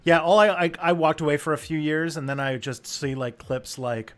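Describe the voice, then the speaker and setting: A man hosting a casual chat, relaxed and hesitant, often laughing as he speaks. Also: on the high side, normal speed. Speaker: host.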